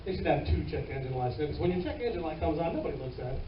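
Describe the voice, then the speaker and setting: A man with a Southern US accent doing a crude stand-up comedy set on a comedy club stage, drawling his punchlines loudly. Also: on the high side, sing-song, very fast, very noisy. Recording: distant, roomy, dull club recording.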